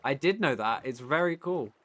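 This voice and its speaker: Male streamer from the UK, bright and forceful tone, loose rambling chat with casual swearing. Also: medium pitch, animated, normal speed, no echo. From United Kingdom. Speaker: streamer and voice actor.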